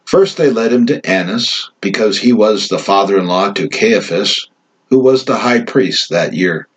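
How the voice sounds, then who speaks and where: Low husky man reading scripture. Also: animated, measured pace, rough recording. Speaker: scripture reader.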